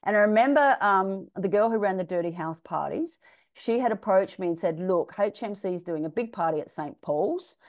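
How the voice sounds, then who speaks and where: A middle-aged Australian woman, a DJ guest, telling stories in a frank, animated way and acting out the quotes. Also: medium pitch, moderate pace. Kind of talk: casual storytelling interview.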